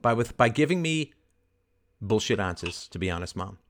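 A man hosting a call-in advice show, scripting a confrontation in forceful, indignant tones with rapid rhetorical questions and swearing. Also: on the low side, expressive. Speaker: host.

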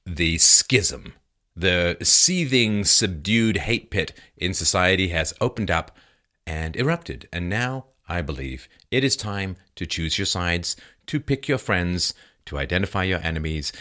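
Animated, bright-voiced male commentator. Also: sits low, unhurried. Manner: emphatic, sarcastic, lively. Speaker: political commentator. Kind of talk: monologue commentary.

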